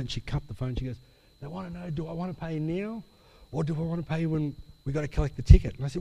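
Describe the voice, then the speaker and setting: Pastor telling a story, echoing hall. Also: male voice, fairly high pitch, fast, vocal fry. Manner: animated storyteller acting out dialogue. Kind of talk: sermon storytelling. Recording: long hall reverb.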